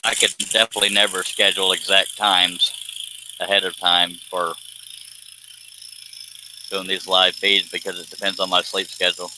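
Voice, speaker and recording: A man's voice: low-pitched, normal speed, pauses often, noisy background. A man hosting a live stream, chatting casually and rambling while reading viewer comments aloud, sleepy and yawning. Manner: relaxed, rambling, reads chat comments aloud.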